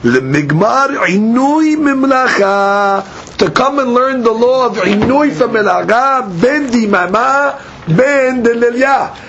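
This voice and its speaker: High-voiced man teaching a study class. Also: unhurried, dull audio, a crowd in the background. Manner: explanatory, poses and answers his own questions.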